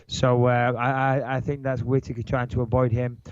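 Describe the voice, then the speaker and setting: A man with a nasal Manchester-area English accent, co-hosting a podcast in brash, swearing, animated banter. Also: medium pitch, normal speed, highs cut off, background noise. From England. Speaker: podcast co-host.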